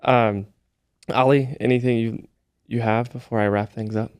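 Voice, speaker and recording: A podcast co-host thanking a guest warmly and moving to wrap up. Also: mid-range voice, steady tone, moderate pace, clean tone, no echo, clean studio sound. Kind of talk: casual chat.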